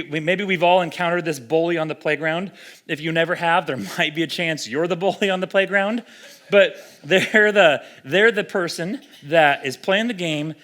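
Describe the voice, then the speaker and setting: Preaching in a laid-back, conversational style, this young adult pastor has a fairly high voice. He brings his sermon to life with animation, performing the voices of the people he quotes.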